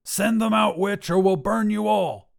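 A man voicing a forceful male leader of a village mob. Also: medium pitch, measured pace, lightly acted. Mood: furious.

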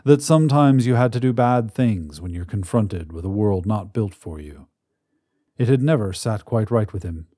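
A low, mellow male voice delivers scripted sci-fi narration in a measured, dramatic, expressive manner. He's captured close and dry, with no room sound and no echo.

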